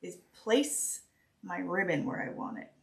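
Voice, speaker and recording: A woman teaching a stitching project on a live stream, talking slowly and hesitantly with many pauses and restarts while she works. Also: lowish voice, very animated, vocal fry. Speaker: craft teacher.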